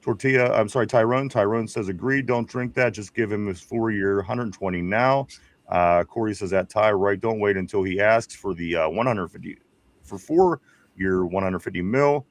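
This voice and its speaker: A man's voice: lowish voice, moderate pace, no room sound. A man with a Pittsburgh accent hosting a live sports stream, reading viewer comments aloud in a rambling, casual way. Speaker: podcast host.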